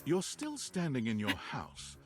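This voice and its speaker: A man's voice: medium pitch, huge pitch swings, unhurried, fairly bright tone, faint music behind. A man reading scripted narration for a video game in a wry, storybook way.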